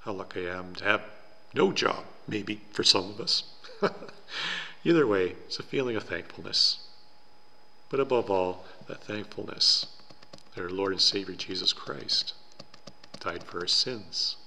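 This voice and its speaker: A man preaching a sermon in a church, telling a story in an earnest, slow and deliberate way. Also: low-pitched, lively intonation, creaky, sharp tone, long reverb tail. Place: church sanctuary.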